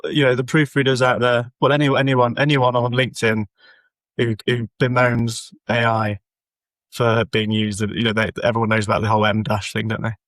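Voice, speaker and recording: A man's voice: mid-range voice, flat delivery, normal speed, fairly bright tone, no echo. A man co-hosting a comedy podcast in casual chat, speaking hesitantly with many restarts and apologies.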